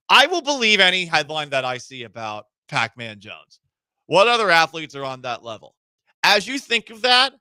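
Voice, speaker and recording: A man's voice: mid-range voice, pushed and bright, clear, resonant tone, no echo. A man hosting a sports talk radio show in a studio, talking casually with a wry, sarcastic edge.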